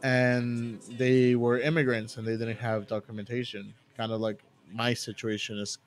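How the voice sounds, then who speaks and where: A man's voice: medium pitch, little pitch movement, normal speed, a little hiss or hum. A man hosting a live stream, telling a story in casual chat, rambling and correcting himself often with lots of "you know" and "like".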